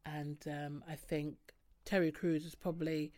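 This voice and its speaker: A woman's voice: sits low, little pitch movement, a little slow, dark tone. A woman hosting a podcast, talking casually and turning to a serious topic. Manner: chatty, turning serious, with fillers. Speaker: podcast host.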